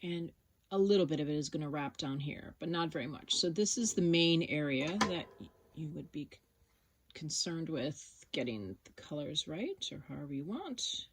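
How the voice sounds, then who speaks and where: A woman teaching an embroidery project, relaxed and thinking aloud as she works step by step. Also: deep voice, normal speed, slightly rough. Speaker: sewing instructor. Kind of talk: casual step-by-step tutorial.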